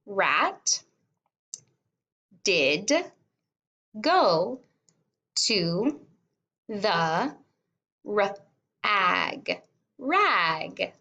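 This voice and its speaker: A woman kindergarten teacher reading a simple storybook aloud word by word, sounding out and repeating words and gently encouraging young children to follow along. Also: mid-range voice, lo-fi sound. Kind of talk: slow read-along lesson for young children.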